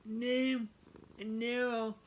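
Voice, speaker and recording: A woman vlogging casually at home, practicing words slowly and carefully, one at a time. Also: a little high, flat delivery, a little hiss or hum. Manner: slow, careful word-by-word practice; chatty, talks to her cat. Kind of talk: casual vlog and speech practice. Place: home, with a cat nearby.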